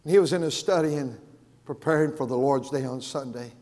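A man preaching as the pastor of his church, earnest and stumbling over repeated words, rising loud and then dropping to a hush. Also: mid-range voice, a little fast. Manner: earnest, repeats and restarts words, swings from raised to hushed. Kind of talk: sermon. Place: large church sanctuary. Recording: long hall reverb.

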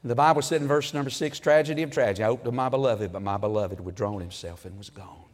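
A man preaching a sermon in a folksy storytelling way, building to loud, emphatic peaks. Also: mid-range voice, fast talker, long reverb tail.

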